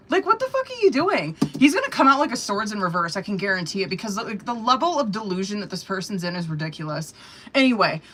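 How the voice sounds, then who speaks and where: Bright-voiced, profane woman reading tarot. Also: medium pitch. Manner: profane, blunt and animated, slangy. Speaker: tarot reader. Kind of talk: live-stream tarot reading.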